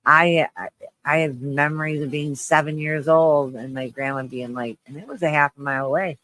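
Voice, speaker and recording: A man hosting a live stream, chatting with viewers in a low, shaky-voiced mood, halting and restarting as he rambles. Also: fairly even intonation, sharp tone, no room sound, low-quality recording. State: shaky voice, close to tears. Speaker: livestream host.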